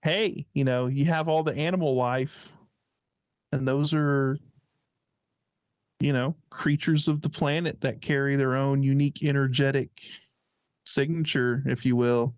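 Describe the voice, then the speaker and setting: A man's voice: mid-range voice, steady tone, a little slow, long pauses, smooth, dry recording, muffled recording. A man co-hosting a talk show, musing speculatively and rambling with lots of hedging. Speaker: co-host. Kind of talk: casual radio-show chat.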